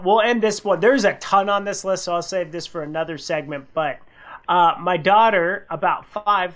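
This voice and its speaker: A man co-hosting a radio show, reading funny listener anecdotes in casual chat and acting out the quoted lines with big pitch jumps. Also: a bit bright. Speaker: radio co-host.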